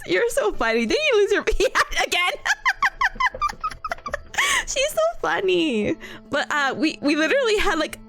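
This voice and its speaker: A woman streamer chats casually with her viewers during a livestream, often giggling and laughing between sentences. Her voice is high and a bit bright.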